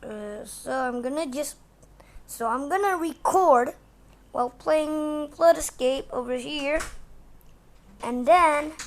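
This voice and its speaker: A woman giving rambling, excitable let's play commentary, shrieking when startled. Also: high-pitched, slow, long pauses. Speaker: gamer. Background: game music.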